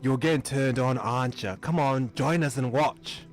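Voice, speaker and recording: A man's voice: medium pitch, moderate pace, soft background music, natural voice. A man voicing a pushy, teasing young male classmate with a put-on Australian accent. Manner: taunting, goading.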